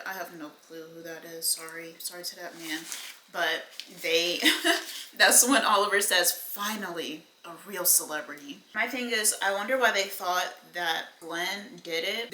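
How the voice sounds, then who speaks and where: A woman's voice: fairly low pitch, sharp tone, echoey room, poor audio. A woman giving a casual, chatty recap and review of a TV episode, full of fillers and blunt asides. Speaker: TV recap vlogger.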